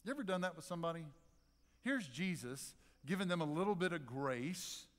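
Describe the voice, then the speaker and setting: A pastor preaches in an animated, conversational way, leaning on dramatic pauses. His voice sits fairly high for a man, and a long reverb carries it around the church sanctuary. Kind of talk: sermon.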